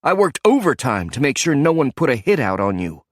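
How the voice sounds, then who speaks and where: A man voicing a tough, sharp-tongued female ex-spy with a clipped, biting delivery. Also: medium pitch, sing-song, brisk, no echo, clean studio sound, pitched above the performer's own voice. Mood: defiant.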